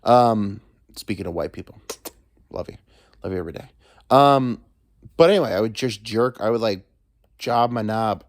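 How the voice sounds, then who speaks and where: A man's voice: lowish voice, moderate pace, pauses often, no echo, clean studio sound. A man hosting a solo podcast from home, rambling crudely with joking asides. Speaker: podcast host. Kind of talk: casual solo monologue. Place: alone at home.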